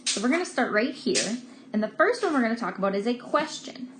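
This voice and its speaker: A woman teacher giving a patient, slow grammar lesson to first graders, stressing key words. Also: on the high side, very animated, noisy background. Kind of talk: recorded remote grammar lesson for young children.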